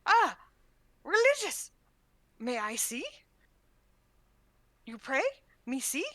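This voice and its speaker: A woman's voice: sits high, animated, moderate pace, sharp tone, dry recording, pitched above the performer's own voice. A woman voicing an eager male creature who talks in broken, childlike grammar. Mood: excited.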